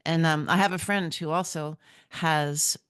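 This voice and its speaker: Low-voiced woman podcast host, dry sound. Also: fairly even intonation, unhurried, a bit bright, clear, resonant tone, dry recording. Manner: affirming, frequent "mm-hmm", enthusiastic. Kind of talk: casual interview chat.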